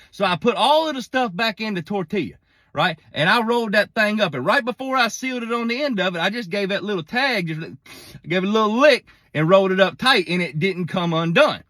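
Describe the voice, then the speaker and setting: High, bright-voiced man telling a story. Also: brisk, no echo, clean studio sound. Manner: animated, profane, folksy storytelling. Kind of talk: casual storytelling monologue.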